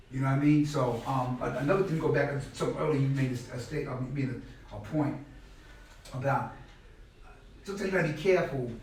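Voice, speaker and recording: A middle-aged man telling stories at a class in a casual, animated way, often acting out what others said and repeating words. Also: medium pitch. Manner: animated, acts out quoted people loudly, repeats words. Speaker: guest speaker at a class. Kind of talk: conversational storytelling lecture. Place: indoor classroom space. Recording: very echoey room, mic far off.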